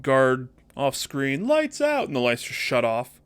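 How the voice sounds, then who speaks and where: A man with a mid-range voice, telling a story in a lively, animated way in casual podcast chat. He throws himself into the pitch and drops into quick character voices. The delivery is loose, joking and conversational. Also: smooth. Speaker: podcast co-host.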